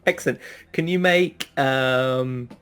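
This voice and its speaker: A man's voice: medium pitch, slow, a bit bright, clean tone. A man running a tabletop game as game master, narrating with many hesitant fillers.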